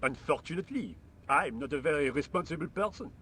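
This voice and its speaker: A man's voice: on the high side, expressive, fairly quick, fairly bright tone, slightly rough. An actor playing a lazy, indifferent workman with a French accent, speaking in a dry, languid, sarcastic way in a video game.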